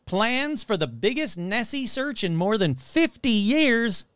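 A man's voice: high voice, very animated, takes it slowly, a bit bright, smooth, no echo. A man hosting a podcast, talking casually and jokily as he rattles off long lists of listener names. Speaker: podcast host.

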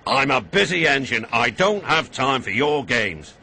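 Brief: British man playing a pompous big engine, slow, haughty, dismissive. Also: medium pitch, sing-song, vocal fry, sharp tone, breathy edge, full character voice. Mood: scornful.

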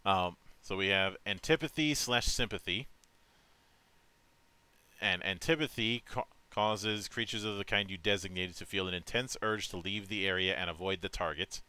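A man reading tabletop game rules aloud on a stream, halting and restarting as he goes. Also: deep voice, bright, forceful tone, clear, resonant tone, dry recording. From United States. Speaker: vtuber game master.

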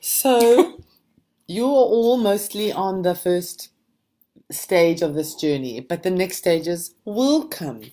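A woman's voice: lowish voice, slow. A woman, a book mentor talking casually and encouragingly to a group of writers. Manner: reflective, encouraging, steady. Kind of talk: casual conversation to a writing group.

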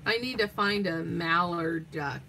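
A woman's voice: fairly low pitch, a little slow, creaky, pushed and bright, a little hiss or hum. An older woman hosting a crafting livestream, chatting in a meandering way while she cuts out pictures and reads a children's story aloud.

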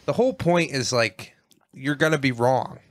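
A man's voice: mid-range voice, normal speed. A man in casual comedic podcast chat, tossing off joking one-liners. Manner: jokey, tosses off deadpan gags.

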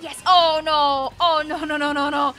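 A young woman streamer giving excitable, teasing commentary on her own gameplay from a desk microphone at home. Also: high voice, a little slow, soft background music. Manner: playful, teasing, squealing and laughing often. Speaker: gaming streamer.

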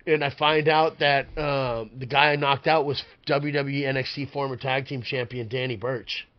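A man's voice: mid-range voice, steady tone, normal speed, muffled recording. A man who is a podcast guest and pro wrestler, telling a rambling, profane story with lots of filler words. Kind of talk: casual storytelling.

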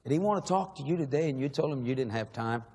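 A man's voice: mid-range voice, animated, fast, mellow, slightly rough. A man preaching a sermon in a large church, emotional and pleading, asking the same questions again and again. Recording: long echo of a large hall.

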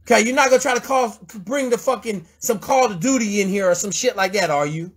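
A man with a very high, husky voice lectures in a blunt, profane rant. He is confrontational and swears constantly, hammering his point home. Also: fairly quick. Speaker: host mentor.

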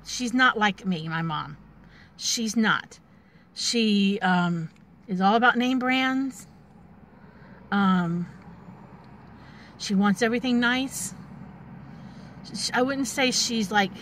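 A woman's voice: medium pitch, a bit bright, slight background noise. A woman in her forties telling a personal family story in a candid, rambling way, with many fillers and restarts. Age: 40s. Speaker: vlogger.

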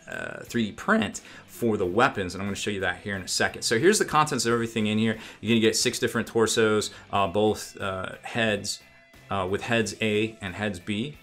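A man's voice: on the low side, fairly bright tone. A man giving a casual unboxing commentary as a miniatures reviewer, rambling with fillers and self-corrections.

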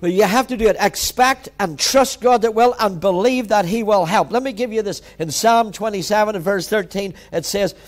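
A man's voice: sits high, normal speed, few pauses. A man preaching a sermon as pastor, emphatic and repetitive, urging his listeners directly.

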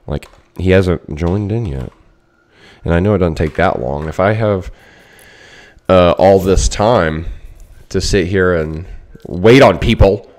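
A man's voice: low voice, takes it slowly, a little mellow. A man hosting a casual gaming stream, joking and bantering with viewers and teammates. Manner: joking, bantering, playfully bossy. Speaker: streamer host.

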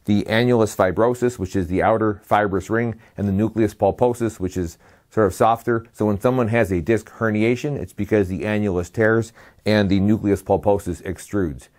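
A man with a somewhat low voice gives a slide lecture, moving through the material step by step. He lists terms one after another and drops in short, dry asides along the way. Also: steady tone, moderate pace, a little mellow. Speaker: medical lecturer.

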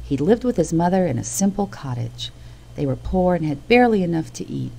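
Woman storybook narrator, very low and gravelly, lively swings in pitch. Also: brisk, poor audio. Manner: expressive, animated reading.

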